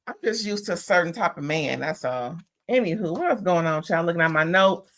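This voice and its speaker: A woman's voice: lowish voice, expressive, a little fast, a bit bright. A woman from California giving sassy, opinionated commentary as she recaps a reality TV reunion in casual chat. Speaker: reality TV reviewer.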